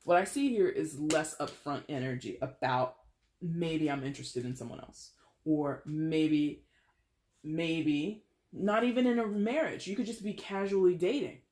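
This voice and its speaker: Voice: medium pitch, measured pace, a little mellow. A tarot reader giving a casual, chatty reading with playful, dramatic exaggeration. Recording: roomy echo.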